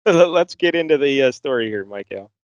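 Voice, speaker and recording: A man cracks wry, joking asides in a casual podcast chat. His voice comes through dull and dry, with no room sound, and it sits at a middle pitch. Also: lively intonation, normal speed, no room sound. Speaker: podcast co-host. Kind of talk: casual comic book discussion.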